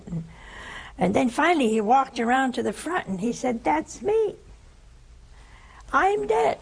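A woman's voice: mid-range voice, gravelly, husky, low-quality recording. An older woman giving an informal spiritual talk, telling a story and acting out the people in it. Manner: storytelling, animated in quoted speech. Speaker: religious teacher.

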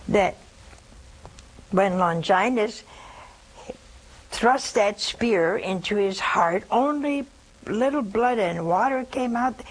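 A woman in her seventies preaches a reflective sermon in a voice on the high side, dropping to a whisper at times, especially for quoted words. The recording is rough.

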